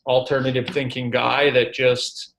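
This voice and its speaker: A man in casual conversation as a podcast guest, a sports broadcaster by trade. He tells stories with animated energy and pokes fun at himself, at a mid-range pitch. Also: unhurried, creaky, poor audio. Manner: animated, self-deprecating storyteller. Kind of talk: casual interview chat.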